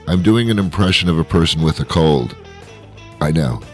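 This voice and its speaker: A man with a very low voice, hoarse and stuffed up from a cold, rambles through a self-mocking comic monologue as a radio host. Soft music plays faintly behind him. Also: expressive, moderate pace. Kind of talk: comedic monologue.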